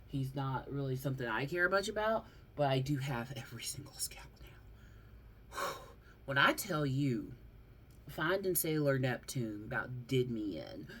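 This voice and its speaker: A woman with a Southern accent, talking casually on her vlog about her figure collection, chatty, prone to rants and quick to laugh. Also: rumbling low, expressive, a little hiss or hum. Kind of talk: casual chat.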